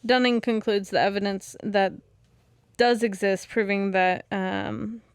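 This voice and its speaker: A woman's voice: mid-range voice, steady tone, unhurried, smooth, no echo, clean studio sound. A woman co-hosting a podcast, reading through research notes in a casual way with frequent fillers and restarts, and laughing easily. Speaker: podcast co-host. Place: podcast studio.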